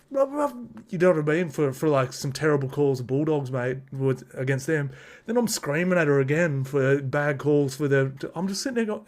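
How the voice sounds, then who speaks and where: An Australian man hosting a casual sports review, talking in a blunt, slangy, heated rant. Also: mid-range voice. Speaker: sports podcast host.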